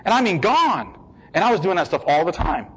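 An American man giving a personal testimony in a lively storytelling manner. He acts out the voices of the people he quotes and repeats words for emphasis. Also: high voice, fairly quick, slightly rough, low-quality recording. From United States. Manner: emphatic repetition.

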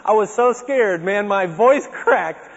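A man giving a personal testimony talk to an audience, telling his story in a lively way and acting out his own remembered words. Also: high-pitched, slow pace. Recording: dull, echoey hall recording.

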